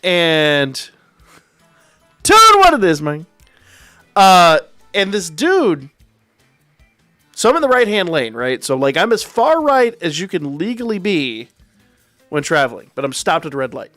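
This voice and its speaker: A man hosting a livestream spins a long anecdote in a casual, wry manner, swearing freely. His voice sits fairly high and swings widely in pitch. The sound is dry, with faint music underneath. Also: normal speed, no echo. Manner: animated, profane, wry. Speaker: livestream host. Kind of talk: casual storytelling.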